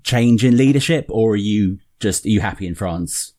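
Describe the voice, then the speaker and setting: A man's voice: fairly low pitch, moderate pace, warm tone. A man hosting a podcast, asking questions in a hesitant way with fillers. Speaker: podcast host. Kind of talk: podcast interview.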